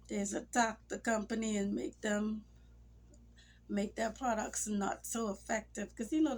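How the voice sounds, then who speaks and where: A woman talking casually to her camera in a rambling, emotional way. She has a cold and sometimes drops into near-whispers. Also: medium pitch. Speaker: vlogger. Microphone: phone or camera mic.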